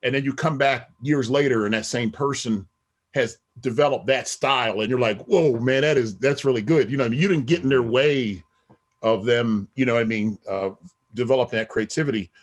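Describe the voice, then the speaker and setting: A man's voice: mid-range voice, brisk. Rambling middle-aged man guest. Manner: rambling, full of "you know what I mean". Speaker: podcast guest. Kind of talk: casual interview talk.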